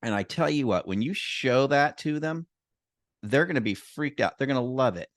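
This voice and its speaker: A man in a relaxed talk shares a story with lots of energy. He acts out the other people's lines in his own voice. His voice has a middling pitch, and the sound is close and dry with no room echo. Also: moderate pace. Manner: animated storyteller, acts out quotes. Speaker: loan officer. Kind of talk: casual storytelling chat.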